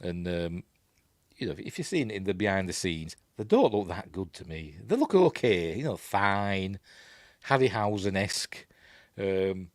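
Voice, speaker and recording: A Yorkshire man talks through a film in a relaxed, meandering way, pausing often to search for words and wander off on tangents. His voice sits on the low side and comes across close and dry, with no room sound around it. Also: no echo. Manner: rambling, hesitant, full of asides. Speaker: film reviewer. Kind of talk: casual film commentary over playback.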